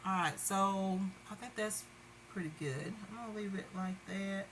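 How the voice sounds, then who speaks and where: A woman's voice: mid-range voice, moderate pace, fairly bright tone, a little hiss or hum. A woman doing her makeup on camera while venting in casual, rambling chat full of fillers. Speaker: beauty vlogger.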